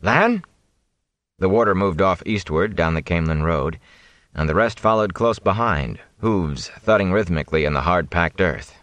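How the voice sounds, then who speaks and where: A man narrating a fantasy audiobook with dramatic, expressive storytelling. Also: deep voice, normal speed, dry recording.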